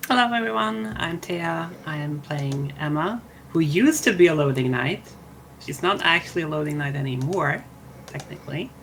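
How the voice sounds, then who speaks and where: A woman, a player in a tabletop game, introducing herself in a relaxed, halting way. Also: low-pitched, a little hiss or hum. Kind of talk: casual chat at a game table.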